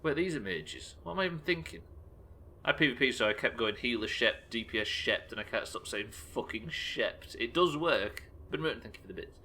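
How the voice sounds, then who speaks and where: A man streaming a game live, talking excitably, swearing often and thanking viewers as he plays. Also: medium pitch, brisk. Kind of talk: live gameplay commentary.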